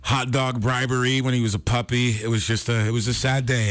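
A radio co-host speaks in a heartfelt, emotional way. His voice has a middle pitch, and the studio sound is dry and close. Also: flat delivery, fairly quick, fairly bright tone, no echo. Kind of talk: casual sports talk. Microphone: studio microphone.

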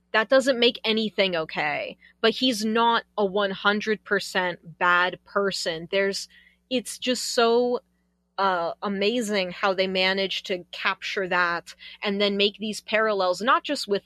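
A woman chatting casually on a podcast, gushing excitedly and exclaiming as she talks about a game. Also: medium pitch, no room sound.

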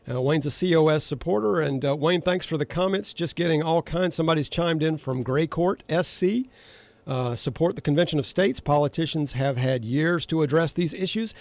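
An older man hosting call-in political talk radio, who gets worked up and pushes his voice higher on emphatic, repeated questions. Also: normal speed, creaky, dry recording, soft background music. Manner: gets fired up, pitch rising sharply on emphatic questions. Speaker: radio talk show host.

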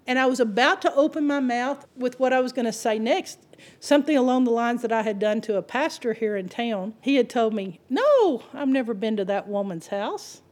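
A woman preaching a sermon, telling stories in an animated way and acting out the people she quotes. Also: on the high side, fairly quick. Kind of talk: sermon with storytelling.

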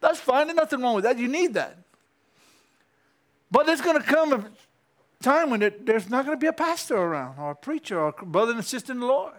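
A male preacher, giving an animated sermon in church that climbs to excited peaks. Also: very high-pitched, fairly quick.

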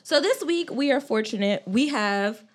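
A woman's voice: on the high side, lively intonation, moderate pace. Easygoing woman podcast co-host. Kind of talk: casual podcast chat.

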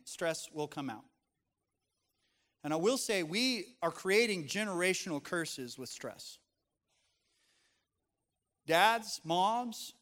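A man's voice: a little high, a bit bright, big-room sound. A middle-aged man preaching as a pastor, reading scripture and speaking earnestly and conversationally to his congregation. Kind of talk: sermon.

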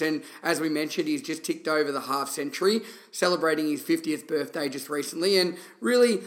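An Australian man hosting a podcast interview, enthusiastic and full of praise for his guest. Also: on the high side. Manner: enthusiastic, warm hype-up intro. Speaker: podcast host.

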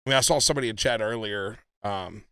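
Bright-voiced man telling stories. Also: lowish voice, quick pace, clear, resonant tone, dry recording. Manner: animated storytelling, acts out quotes. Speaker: podcast co-host. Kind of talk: casual chat.

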